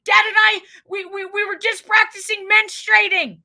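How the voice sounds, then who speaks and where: A woman's voice: very high voice, level tone, normal speed, gravelly, bright, forceful tone, pitched above the performer's own voice, exaggerated voice. A woman voicing a flustered, embarrassed middle-aged mom, shrieking in panic over a texting mistake. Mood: panicked.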